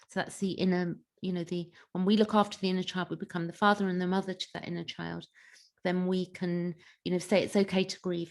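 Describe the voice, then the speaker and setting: Gravelly-voiced woman giving gentle advice. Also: lowish voice. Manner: gentle, reassuring, with frequent restarts and "you know". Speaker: mentor and coach. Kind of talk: casual advice talk.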